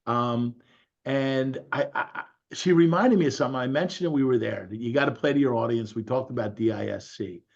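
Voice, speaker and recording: Husky animated man on a call. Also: mid-range voice, a little fast, highs cut off. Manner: animated storyteller, quoting others. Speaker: real estate agent. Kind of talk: casual group call talk.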